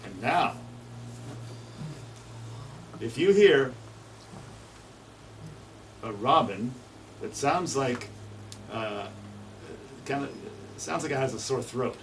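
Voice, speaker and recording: A man talks an audience through a slide show, chatty and full of questions, sometimes mimicking bird songs in words. He is caught from a distance. Loud recorded birdsong plays around his voice. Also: mid-range voice, lively intonation, drawn-out words, pauses often, noisy background. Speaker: bird presenter. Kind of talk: informal slide presentation to an audience.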